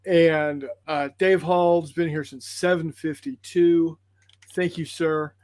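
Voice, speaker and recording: A man's voice: on the high side, steady tone, slow pace, darkish tone, dry recording. A man hosting a tabletop gaming livestream, chatting casually and rambling apologetically through viewer comments with plenty of fillers.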